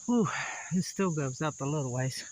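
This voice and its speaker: On a low-quality recording with a little hiss or hum, a vlogger exploring old sites talks to his camera while climbing a wooded hill, out of breath and laughing in a folksy, casual way. His voice is on the high side and warm, with lively intonation and a moderate pace. Crickets and insects can be heard around him.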